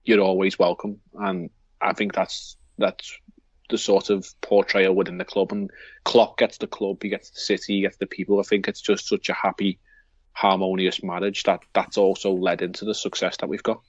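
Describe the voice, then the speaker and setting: A man's voice: low voice, level tone, normal speed, no room sound, highs cut off. A man with a Liverpool accent co-hosting a football podcast, talking in a rambling way with many restarts. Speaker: podcast co-host. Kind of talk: casual football chat.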